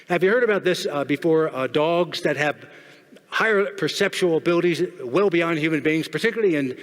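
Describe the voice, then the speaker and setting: A man with a somewhat high voice gives a keynote speech in a large hall, and long reverb trails behind every phrase. He keeps tossing questions at the audience and working jokes into his points. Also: fairly bright tone. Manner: jokey, asks the audience questions. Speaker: keynote speaker.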